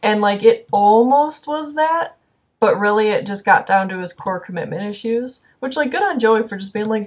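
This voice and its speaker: A woman co-hosting a casual podcast, talking in a lively, self-deprecating way. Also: medium pitch, normal speed. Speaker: podcast co-host. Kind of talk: casual chat.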